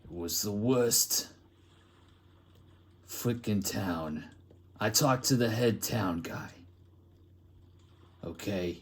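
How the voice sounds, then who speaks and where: A man's voice: lowish voice, extremely slow, long pauses, slightly rough, exaggerated voice. A man putting on a drawling back-alley plague doctor. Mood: rambling. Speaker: artist improvising a comic story. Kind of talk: improvised comic monologue.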